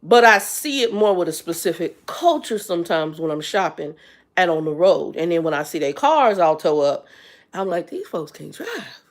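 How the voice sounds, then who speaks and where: A woman's voice: lowish voice, animated, moderate pace. A blunt, exasperated woman in her fifties, ranting on a live stream as the channel's host. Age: 50s. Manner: blunt, exasperated, talks straight to viewers. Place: Arizona.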